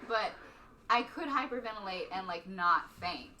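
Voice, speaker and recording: A woman from Texas, a stand-up comic, chatting as a podcast guest in a rambling way, full of "like" and quick laughs. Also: medium pitch, lively intonation, bright, forceful tone, distant mic. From Stephenville, Texas. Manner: rambling, heavy use of "like", laughs often. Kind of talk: casual podcast chat.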